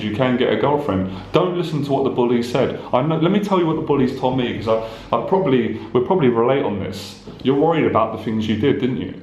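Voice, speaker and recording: An intense male life coach preaches straight to the viewer in short, repetitive bursts, now and then swearing. His voice sits at a middle pitch. The echoey room gives it a roomy sound. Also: a little mellow, slight background noise. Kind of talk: direct-to-camera motivational talk.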